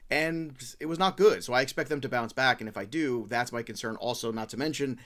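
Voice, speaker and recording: A man hosting a casual fantasy football podcast chat, brisk and teasing his co-hosts. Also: mid-range voice, fairly bright tone. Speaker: podcast host.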